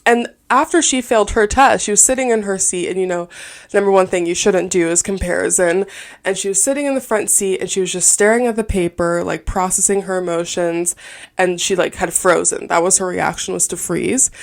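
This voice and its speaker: Woman, twenties, podcast host, gravelly, casual storytelling, candid. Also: mid-range voice, brisk. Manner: chatty, candid storytelling with many fillers. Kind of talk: casual solo podcast talk.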